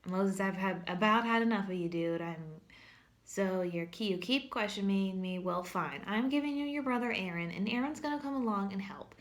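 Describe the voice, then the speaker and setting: A woman's voice: mid-range voice, moderate pace, lightly acted. Exasperated, reassuring divine father figure in casual slang , voiced by a woman. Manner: casual, emphatic, modern slang.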